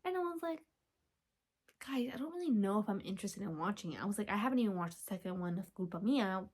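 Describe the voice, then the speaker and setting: A woman's voice: medium pitch, fast. Young female podcast host, chatty and giddy, talking at home with whispered asides. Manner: gushing, chatty, with sudden whispers and excited squeals. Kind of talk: casual chat.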